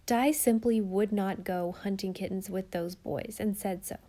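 A woman narrating a storybook in a steady, expressive reading. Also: mid-range voice, a little slow, few pauses. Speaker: audiobook narrator.

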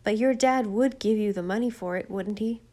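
A woman's voice: medium pitch, moderate pace, warm tone, close to an everyday voice. A woman voicing a practical, matter-of-fact boy passing on local news. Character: offhand, practical boy, gossipy.

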